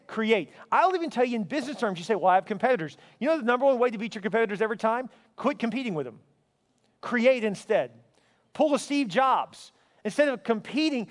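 A man preaching a sermon as pastor, conversational, repeating words and building to emphatic peaks. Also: extremely high pitch. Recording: long hall reverb.

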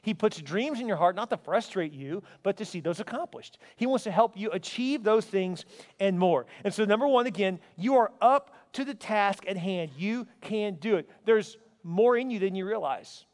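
A man's voice: sits high, animated, normal speed, darkish tone. A man preaching a sermon as pastor, conversational, repeating words and building to emphatic peaks. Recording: long hall reverb.

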